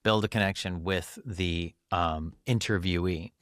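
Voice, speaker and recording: A man with a fairly low voice talks through his points in an earnest, explanatory way. He laughs easily between thoughts. The sound is close and dry, a studio podcast mic. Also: steady tone, a little slow, a bit bright, no echo. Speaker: podcast guest, runs a doctors' network. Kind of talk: conversational interview.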